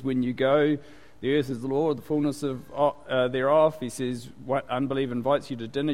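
A man preaching a sermon in a chatty, conversational way, full of asides and rhetorical questions. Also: mid-range voice. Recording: long hall reverb.

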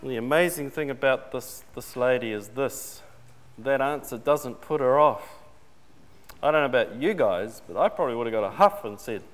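A man's voice: medium pitch, expressive, moderate pace. Preacher man with a long hall echo. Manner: conversational, asks the congregation questions. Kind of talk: sermon. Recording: long reverb in a large hall.

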